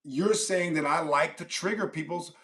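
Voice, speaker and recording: A man hosting a live stream, teasing and arguing with a caller in rapid questions. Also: on the high side, fairly bright tone. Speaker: stream host. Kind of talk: casual live-stream debate.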